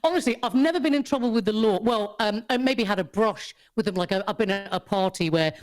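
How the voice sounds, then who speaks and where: A woman, a podcast guest who tells a story in casual chat, animated, swearing freely and laughing often. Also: medium pitch, fast.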